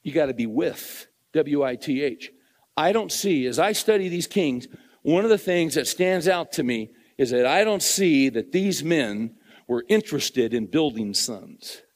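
A man's voice: fairly high pitch, animated, measured pace, in a large hall. A middle-aged man preaching a sermon in an earnest, conversational way, repeating phrases for emphasis.

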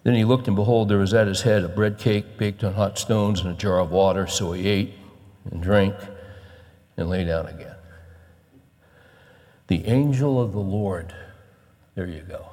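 A man's voice: normal speed, pauses often, darkish tone. Man preaching in a reverberant church. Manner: conversational, rising to emphatic urging, with quoted scripture read low. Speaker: pastor. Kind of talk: sermon.

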